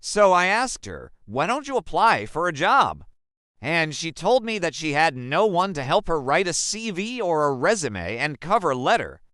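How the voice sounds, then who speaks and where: A young man from Africa narrating a personal story in the first person, slow and emphatic. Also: on the high side, big pitch swings, bright, forceful tone, dry recording, studio quality. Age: young adult.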